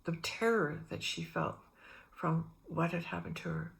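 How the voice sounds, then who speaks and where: This spiritual vlogger, a middle-aged woman, has a lowish, creaky voice and talks at normal speed. Her storytelling wanders from one personal anecdote to the next, and she acts out what others said in lively quoted voices.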